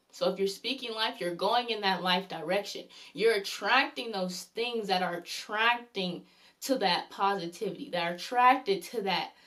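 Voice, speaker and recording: A woman's voice: mid-range voice, a bit bright. A woman giving a spoken devotional talk as a faith vlogger, earnest and rambling, often repeating a praise phrase and her own points. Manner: repeats "glory be unto the Lord" often.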